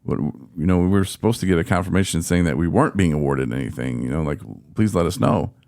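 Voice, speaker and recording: A man from telling a frustrated story in casual podcast chat, acting out his own quotes with animated exasperation. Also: deep voice, quick pace. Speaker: podcast host.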